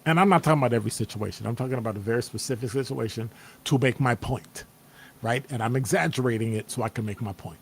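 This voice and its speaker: A man's voice: mid-range voice, fast talker, creaky, slight background noise. A man, hosting a casual motivational live stream and acting out people's reactions with playful exclamations. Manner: animated, acts out quoted reactions with playful exclamations. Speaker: host. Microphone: streaming setup microphone.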